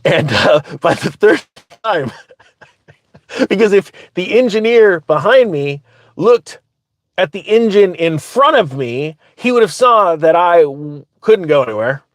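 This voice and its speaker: A man hosting his own channel, telling a story in a casual, animated way and often laughing as he talks. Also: high voice, slow pace, no echo, clean studio sound. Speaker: finance commentator, channel host.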